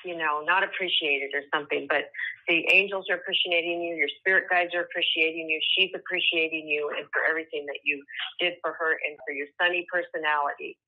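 A woman giving psychic readings over the phone, hesitant and gentle with many fillers. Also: deep voice, fairly even intonation, fast. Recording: tinny phone line.

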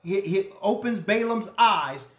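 A pastor delivers a storytelling sermon, voicing each character's lines as they come up. The pitch swings widely from phrase to phrase. The voice rings with the echo of the room. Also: a little slow. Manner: animated, acts out the characters' lines. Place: church.

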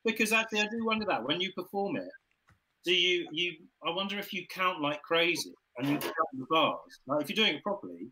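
An English man with a bright, forward voice chats casually on a home livestream. He rambles and hesitates, filling his pauses with ums as he sends greetings to friends. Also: sits high, big pitch swings, breathy edge, low-quality recording. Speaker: folk group member. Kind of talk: casual chat.

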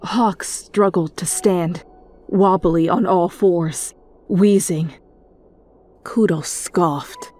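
A woman narrating a fanfiction reading as a whispered role-play, in hushed, deliberate storytelling. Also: fairly low pitch, steady tone. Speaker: fanfiction reader.

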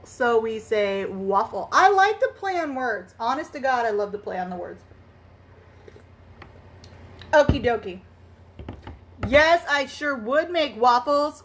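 A chatty woman with a high voice hosts a live crafting stream. She greets her viewers one by one and laughs easily as she talks. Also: fairly bright tone. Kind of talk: casual live-stream chat while crafting.

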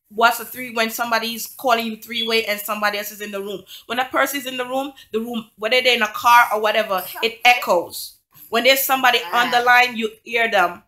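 Bright, forceful woman vlogging indignantly. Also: fairly high pitch. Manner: emphatic, defensive, repeats rhetorical questions. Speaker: single mom vlogger. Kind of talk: indignant storytime vlog.

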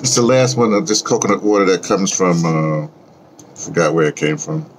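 A man's voice: deep voice, lively intonation, normal speed, slight background noise. A man talking casually and rambling in a vlog, chatting about music and his day. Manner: rambling, chatty, sings along to a record. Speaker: vlogger.

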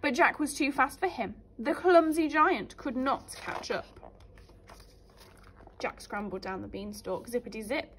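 A teacher reading a fairy tale aloud to young children in an animated, sing-song way. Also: female voice, on the high side, a little slow, slight background noise.

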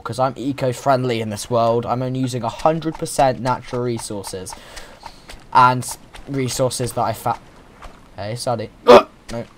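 Young male gamer, mid-pitched, chatty, playful let's-play commentary with restarts and rambling. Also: measured pace, a little hiss or hum. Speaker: gaming YouTuber.

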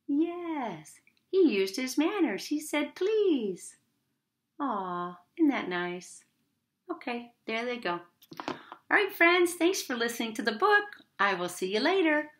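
A woman reading a picture book aloud to children in a gentle, teacherly way. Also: on the high side. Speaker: children's story reader.

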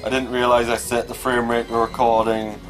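A man giving casual let's play commentary, swearing and yelling at the game. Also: mid-range voice, level tone, normal speed. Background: faint game music.

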